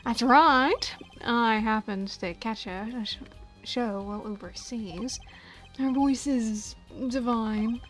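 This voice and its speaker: A woman's voice: a little high, slow pace, soft background music. A woman voicing a suave, self-assured male rock-star prosecutor while reading game dialogue aloud. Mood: smooth.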